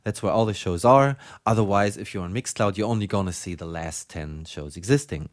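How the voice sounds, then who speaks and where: A man's voice: low voice, fairly quick. A German man with a German accent, hosting a record show in casual chat, rambling with many fillers and self-deprecating asides. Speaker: radio show host.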